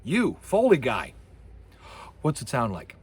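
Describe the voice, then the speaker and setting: Male lecturer, husky voice, very lively delivery, voices sound effects mid-lecture. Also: mid-range voice, slow. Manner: animated, imitates sound effects with his voice. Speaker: university lecturer. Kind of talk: recorded course lecture.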